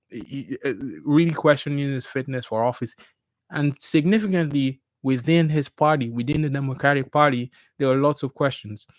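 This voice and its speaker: A man hosting a podcast, giving casual political commentary in an excitable way, laughing often and stumbling over repeated words. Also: mid-range voice, dry recording. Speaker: podcast host. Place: at home.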